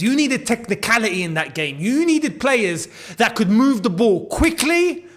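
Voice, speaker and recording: A young man hosting a football channel, ranting in an animated way and hammering points home by repeating them. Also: sits high.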